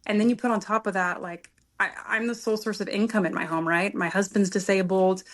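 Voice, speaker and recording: A woman's voice: mid-range voice, steady tone, brisk, a bit bright. A woman guest on a podcast, telling a personal story in an earnest, emotional way and sometimes searching for her words.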